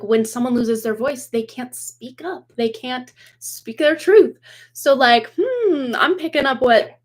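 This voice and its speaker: A woman in her forties hosts a tarot livestream from her home computer, chatting in a loose, rambling way with lots of fillers and easy laughter. Her voice sits fairly high and is a little hoarse from a lingering cold. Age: 40s. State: slightly hoarse from a cold and raw throat. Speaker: tarot reader and livestream host. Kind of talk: casual livestream chat. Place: home room with dog toys and boxes behind. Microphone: computer webcam.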